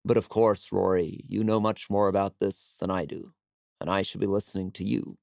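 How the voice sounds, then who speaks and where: A man's voice: deep voice, flat delivery, normal speed, gravelly, a little mellow, no echo, studio quality. A man doing a long-winded lecturing politician. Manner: lecturing, self-important.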